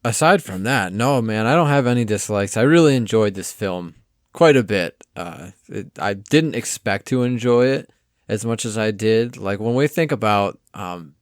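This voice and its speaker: A man co-hosting a casual film review podcast, rambling in a relaxed way and often trailing off quietly. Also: lowish voice, moderate pace, dry recording, studio quality. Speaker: podcast co-host.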